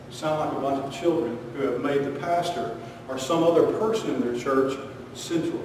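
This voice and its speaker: A pastor preaches with emphatic force, firing rhetorical questions and dropping from loud bursts to quiet asides. His voice sits a little high for a man. He sounds far from the mic, with a long church-hall echo around every phrase. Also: moderate pace, a little hiss or hum. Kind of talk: sermon. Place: church sanctuary. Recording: echoey hall recorded from far off.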